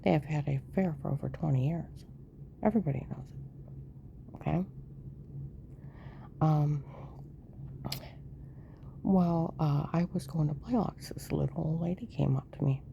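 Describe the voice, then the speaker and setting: Woman with a low gravelly voice, rambly storytelling, keeps sliding into whispers, dull lo-fi recording w/ faint hiss. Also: unhurried, long pauses. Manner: rambling, often slips into a hushed whisper. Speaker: storyteller recounting her own life. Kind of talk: personal storytelling monologue.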